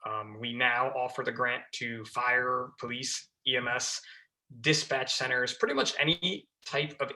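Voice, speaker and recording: A man's voice: mid-range voice, steady tone, unhurried, bright, forceful tone. A man, a fire lieutenant, talking casually as a podcast guest, full of fillers and restarts. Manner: chatty, many fillers and restarts.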